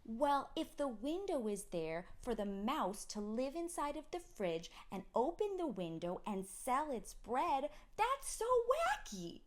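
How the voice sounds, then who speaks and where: A woman voicing her earnest little toddler daughter, who slowly and insistently explains things. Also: sits high, sing-song, voice pushed up. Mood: insistent explaining. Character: earnest little girl, toddler, matter-of-fact.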